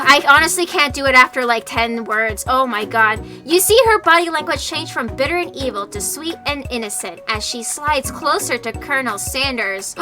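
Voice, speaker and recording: A woman's voice: high voice, lively intonation, normal speed, sharp tone, faint music behind. A young woman streaming a dating game, reading its text aloud and joking about it in a playful way.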